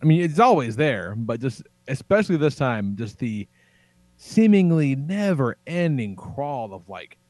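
A laid-back man chatting on a podcast who swears casually. His pitch moves a lot, and his voice is dry and close on the mic. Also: sing-song, unhurried, a little mellow, dry recording. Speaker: podcast guest. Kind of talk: casual chat.

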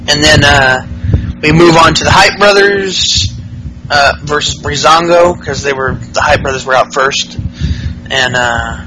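A man's voice: fairly high pitch, noisy background. A man hosting a podcast, giving a casual, rambling and profane recap of wrestling shows, full of fillers. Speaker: podcast host.

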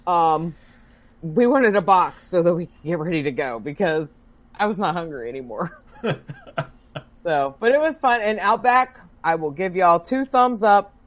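A woman co-hosting a casual chat, telling a story in a loud, animated and profane way. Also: on the low side, a little slow. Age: adult working as a bartender. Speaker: podcast co-host.

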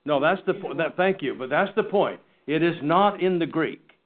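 A man teaching a Bible study class in an earnest, halting way, often restarting his sentences. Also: a little high, animated. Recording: tinny phone-like recording.

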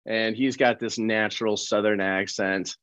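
A man from Colorado, an actor guest telling lively anecdotes in a casual interview, acting out other people's lines. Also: on the low side, a little slow, smooth, no room sound. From Colorado, USA.

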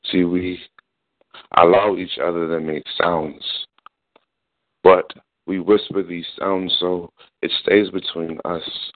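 A man performing slow, sensual spoken word poetry in a hushed, unhurried voice. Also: dry recording. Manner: low, hushed, unhurried delivery. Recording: dry phone-line audio.

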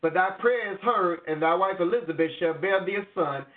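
A man's voice: sits high, brisk. A man co-hosting a Bible show, reading verses aloud and preaching directly to listeners. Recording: tinny phone-like audio.

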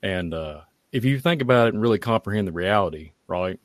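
A man, giving a halting, heartfelt personal testimony at a prayer meeting. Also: deep voice, animated, no echo, studio quality. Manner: halting, heartfelt, many fillers. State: tearful at times.

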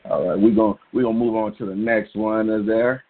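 A man's voice: lowish voice, fairly even intonation, brisk. A middle-aged man co-hosting a call-in poetry show, talking in a laid-back, encouraging, slangy way. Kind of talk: casual call-in radio chat. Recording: phone-line call-in audio.

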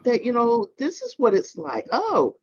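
A man co-hosting a casual panel chat, reflective and halting, with many "you know"s. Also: extremely high pitch, wildly swooping pitch, slightly rough, no echo. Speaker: podcast co-host. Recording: dull lo-fi sound.

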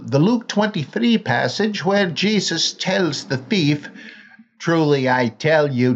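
A man's voice: mid-range voice, muffled recording. A man reading a listener's letter aloud in an exaggerated, put-on Finnish accent. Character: listener writing in from abroad, earnest questioner.

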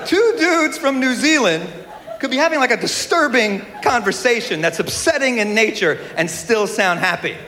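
A man doing stand-up comedy on stage before a live audience, animated and mocking. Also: extremely high pitch, moderate pace. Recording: stand-up recording with a noisy crowd.

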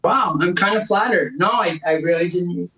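A woman's voice: fairly low pitch, a little fast, a bit bright, highs cut off. A woman from Boston with a Boston accent, a guest talking brashly and bawdily over a video call. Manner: brash, bawdy, chatty. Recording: roomy distant video call audio.

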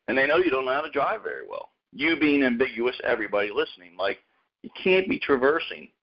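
Animated rambling male radio host. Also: medium pitch. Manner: rambling, animated, calls people dude and man. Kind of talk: casual radio talk. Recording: muffled lo-fi radio audio.

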